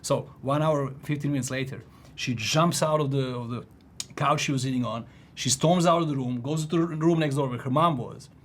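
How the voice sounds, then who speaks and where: A man in his forties telling a personal story in casual chat, animated, restarting sentences and laughing often. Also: mid-range voice, moderate pace. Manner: animated, frequent restarts and laughs, "if you know what I mean".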